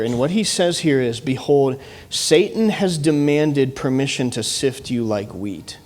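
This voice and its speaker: A man with a Midwestern American accent preaching a sermon as pastor, in an earnest teaching tone with frequent restarts. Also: medium pitch. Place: church sanctuary. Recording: long church hall reverb.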